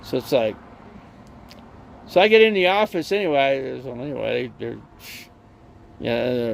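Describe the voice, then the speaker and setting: A man's voice: medium pitch, unhurried, vocal fry, long pauses. A man streaming from an RV, chatting casually and rambling through stories with lots of fillers and restarts. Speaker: live streamer.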